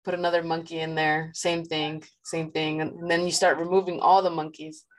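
A woman student in a class discussion, telling an anecdote in a casual, soft-spoken way. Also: sits low, flat delivery, moderate pace, poor audio.

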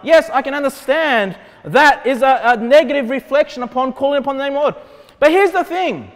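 A man's voice: very high voice, fairly quick. A man with an Australian accent preaching a sermon as pastor, conversational and then emphatic. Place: church hall. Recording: long hall reverb.

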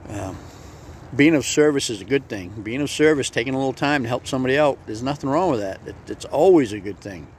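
A man's voice: mid-range voice, animated, fast, darkish tone, a little hiss or hum. A man hosting a motivational vlog, telling a folksy story in a friendly, plain-spoken way. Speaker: vlog host.

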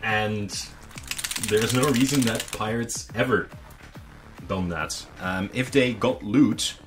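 A man hosting a hobby channel, explaining in a relaxed, casual monologue with frequent ums and restarts. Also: fairly low pitch, slow pace, music in the background. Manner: relaxed, conversational. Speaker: miniature painting channel host.

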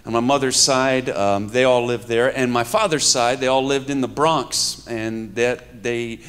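A man's voice: mid-range voice, fairly even intonation, unhurried, fairly bright tone, clean tone. A man in his fifties from New York, preaching a conversational sermon with humor and stories, talking to a live audience. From New York, USA. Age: 50s. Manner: humorous, storytelling, addresses the audience. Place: church hall with a live audience.

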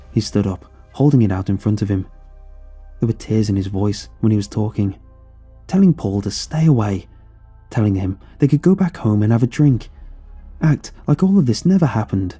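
A man reading a horror story aloud in a somber, measured storytelling manner. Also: fairly low pitch, lively intonation, dark tone, husky, soft background music. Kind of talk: scripted horror narration.

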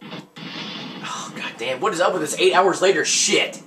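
A young man giving crude, profane gameplay commentary, ranting loudly and then muttering under his breath. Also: on the high side, a little slow, recorded from a distance, music in the background. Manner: loud, crude, ranting, jumps between yelling and muttering. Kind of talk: profane let's-play commentary.

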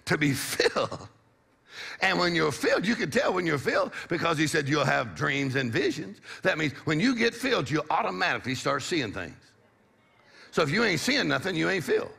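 A man's voice: fairly high pitch, huge pitch swings, moderate pace, gravelly, sharp tone, husky. A middle-aged man preaching a sermon, exhorting the congregation with call-and-response and a repeated "come on".

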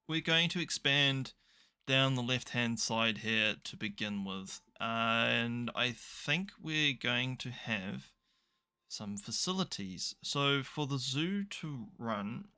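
Chatty man with a gravelly, bright voice. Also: medium pitch. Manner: chatty, thinking aloud, dry self-mocking asides. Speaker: gaming YouTuber. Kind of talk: casual let's play commentary.

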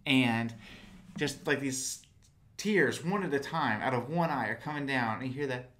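Male podcast co-host, casual and animated, average pitch. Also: moderate pace, background noise. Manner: animated, acts out quotes in raised voices. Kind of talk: casual fan chat.

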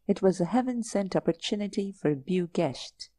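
A woman narrating an audiobook in a measured, unhurried storytelling manner. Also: medium pitch, animated, warm tone, dry recording.

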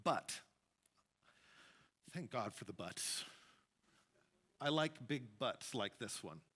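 A man preaching a sermon as pastor, emphatic, with sudden rises and hushed drops. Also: medium pitch, expressive, slow pace, breathy edge. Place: church sanctuary.

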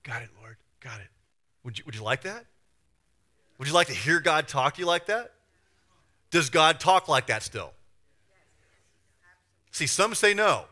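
Bright-voiced man preaching a sermon. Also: lively intonation, a little slow, pauses often. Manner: emphatic and conversational, swings from loud stress to low asides. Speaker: pastor.

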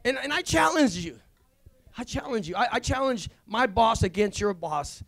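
A man, a visiting pastor, giving a rambling, excitable testimony at a church service, full of restarts. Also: very high-pitched, normal speed, gravelly. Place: church sanctuary.

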